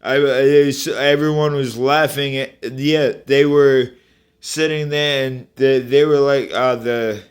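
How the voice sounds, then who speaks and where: A man's voice: mid-range voice, steady tone, takes it slowly, smooth. A man giving a rambling, profane personal rant in a vlog, often restarting and speaking directly to the people he is angry at.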